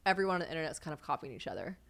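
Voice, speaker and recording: A woman's voice: deep voice, big pitch swings, rapid-fire, gravelly. A young woman hosting a podcast in casual chat, telling stories with lots of swearing and acted-out quotes. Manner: swearing, storytelling, acts out quotes. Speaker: podcast host.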